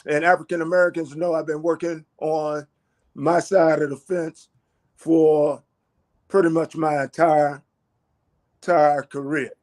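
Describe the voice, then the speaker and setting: A man speaking at a candidates' forum in a measured, conciliatory way. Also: on the high side, flat delivery, darkish tone. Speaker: political candidate. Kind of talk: forum speech.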